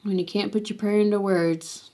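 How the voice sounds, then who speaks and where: A woman sharing a personal faith testimony in a casual, earnest way, reading from her journal and often pausing and restarting, sometimes dropping to a hush. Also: mid-range voice, steady tone. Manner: halting and earnest, with many restarts and fillers.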